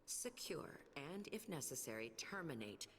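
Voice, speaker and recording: A woman's voice: sits low, very animated, moderate pace, a little hiss or hum. An actress playing a dry, sardonic female undercover agent with a wry, clipped delivery. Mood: businesslike. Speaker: game character.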